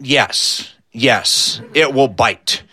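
A man voicing a serious boy at summer camp who answers everything in a slow, grave, matter-of-fact way. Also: sits high, expressive, bright, forceful tone, heavily acted. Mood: deadpan.

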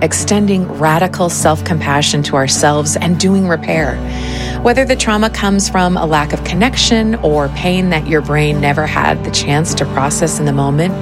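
A woman, a podcast host, narrating in a calm, reflective way. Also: lowish voice. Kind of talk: interview, then scripted narration.

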